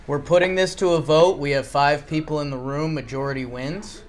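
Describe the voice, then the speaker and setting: A man hosting a casual watch-along chat about a ballgame, animated and excitable. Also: fairly high pitch, normal speed. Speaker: host. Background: game broadcast crowd.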